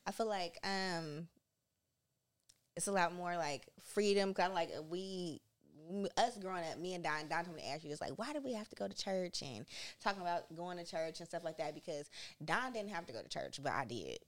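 Young woman podcast host, low-ish voice, casual, laughs a lot. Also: lively intonation, normal speed. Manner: laughs often, loose and chatty. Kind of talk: casual chat.

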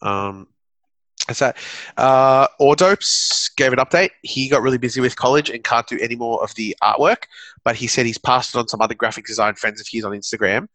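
Rambling young-sounding man, bright voice. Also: medium pitch, fairly quick, dry recording. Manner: rambling, filler-heavy, upbeat. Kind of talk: casual chat.

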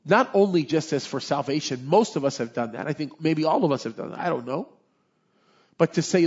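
A man's voice: fairly high pitch, expressive, fairly quick, a little mellow, breathy edge, muffled recording. A man preaching a sermon as pastor, impassioned and conversational, often asking his listeners to agree.

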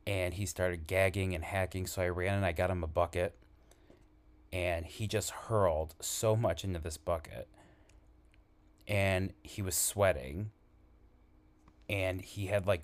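Deep-voiced man telling an eerie story. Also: fairly even intonation. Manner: earnest, halting, conversational retelling. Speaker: emergency call responder telling a story. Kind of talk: spoken storytelling.

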